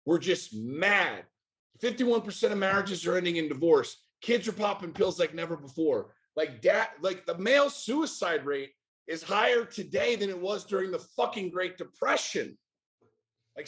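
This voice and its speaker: A man's voice: high-pitched, big pitch swings, normal speed, fairly bright tone. A middle-aged man from the United States, a podcast guest speaking candidly and intensely, swearing often and firing off rhetorical questions. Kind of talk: candid interview talk.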